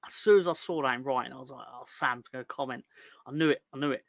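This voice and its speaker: A man's voice: medium pitch, quick pace, vocal fry, no room sound. A man hosting a football fan show in a casual livestream chat. He reads out viewer comments, jokes and rambles, stumbling over words. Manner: jokey and rambling, stumbles and restarts, puts on silly voices for comments.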